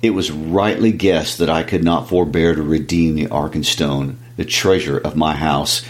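A man's voice: rumbling low, steady tone, moderate pace, voice pushed down. A man voicing an angry, proud dwarf king while reading a book aloud, raising his voice in threats. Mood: grim. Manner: shouting, raised voice, threatening. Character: furious proud dwarf king, gruff male.

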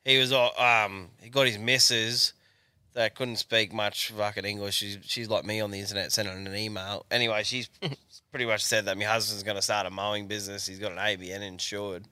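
A man's voice: lowish voice, little pitch movement, a little fast, sharp tone, clean tone, no echo. A man with an Australian accent co-hosting a podcast, telling rambling stories full of swearing. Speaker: podcast co-host. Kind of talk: casual crude banter.

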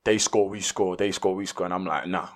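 A man, a podcast guest telling a story in casual, slangy, animated speech. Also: low voice, a little fast, crowd noise.

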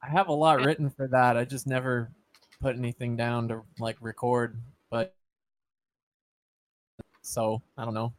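A man's voice: medium pitch, level tone, measured pace, long pauses, dry recording. A man who plays in a tabletop game, chatting offhandedly on a podcast and making jokes. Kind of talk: casual podcast chat.

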